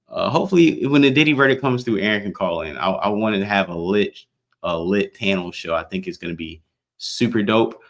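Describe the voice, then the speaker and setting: Low-voiced man hosting a casual livestream. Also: lively intonation, brisk. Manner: slangy, reacts to chat comments. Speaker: livestream host.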